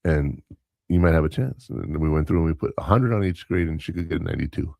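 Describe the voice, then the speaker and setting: A man's voice: extremely low pitch, expressive, fast, gravelly, mellow, no room sound, studio quality. A man who works as a substitute teacher, co-hosting a podcast and telling rambling stories with quoted dialogue and self-corrections. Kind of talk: casual storytelling chat.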